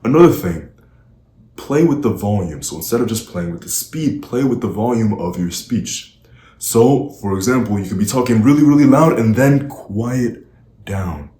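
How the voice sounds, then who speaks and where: A man with a deep, warm voice coaches the listener on speaking. He drives his points home emphatically, rushing ahead and then dropping to slow, weighty words. His voice rings in a roomy, echoing space. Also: animated. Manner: emphatic, varies speed and volume for weight. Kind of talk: direct-to-camera coaching talk.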